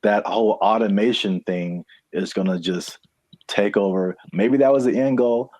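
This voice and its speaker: A man from California co-hosts a casual podcast in a low, deep voice. He rambles playfully and laughs easily, recorded dry and close. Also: moderate pace, a little mellow, no echo. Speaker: podcast co-host.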